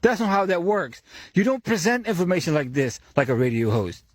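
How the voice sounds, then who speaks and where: Animated man ranting, dry close mic. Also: fairly quick, dry recording. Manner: animated, swings pitch often, swears, laughs mid-sentence. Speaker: podcast host. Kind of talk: casual monologue.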